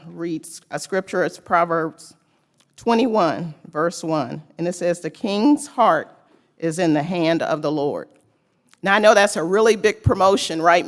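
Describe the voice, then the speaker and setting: A woman making an emotional, pleading public comment at a city council meeting, speaking at a podium microphone. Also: on the low side. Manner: pleading, earnest, tearful at times. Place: council chamber.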